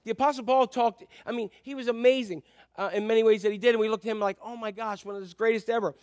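A man preaching a conversational sermon, dropping to soft asides and rising to loud, emphatic passages. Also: high voice, steady tone, fast, no echo, clean studio sound. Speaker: pastor.

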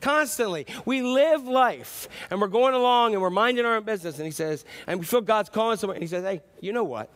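A man with a notably high speaking voice delivers a sermon as pastor. He tells stories along the way and acts out the quoted lines. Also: lively intonation, fast, few pauses, fairly bright tone. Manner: storytelling with acted-out quotes.

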